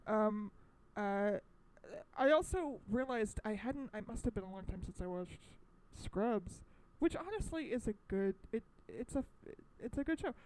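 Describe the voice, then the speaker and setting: A woman's voice: medium pitch, animated, measured pace, darkish tone, slight background noise, low-quality recording. A young woman co-hosting a podcast, talking casually with lots of fillers and restarts. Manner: rambling, full of fillers and restarts. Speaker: podcast co-host. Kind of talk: casual chat. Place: indoor recording, New York.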